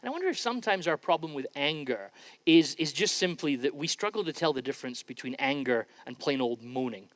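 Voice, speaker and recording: A man's voice: fairly high pitch, animated, fairly quick, fairly bright tone. A man preaching a sermon as pastor, in an informal, conversational way with frequent restarts. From Scotland. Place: church sanctuary. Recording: long reverb in a large church hall.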